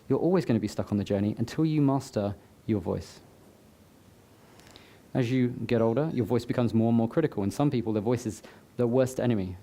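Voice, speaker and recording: A man's voice: mid-range voice, dark tone. A man giving a motivational talk to a live audience, conversational, with joking asides to the crowd. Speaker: summit speaker. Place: live event before an audience.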